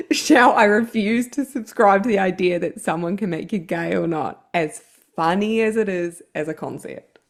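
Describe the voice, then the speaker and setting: A woman's voice: medium pitch, unhurried, vocal fry. Kiwi woman co-hosting a podcast, teasing, playful, keeps the chat moving. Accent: New Zealand. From New Zealand. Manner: teasing, playful, steers the conversation. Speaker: podcast co-host. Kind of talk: casual chat.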